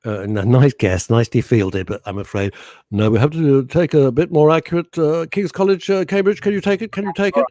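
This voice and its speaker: A man with a fairly high voice talks at a quick clip, recorded dry with studio quality on a studio microphone. Co-hosting a radio show from the studio, he jokes and teases his partner in casual banter, animated and swearing mildly.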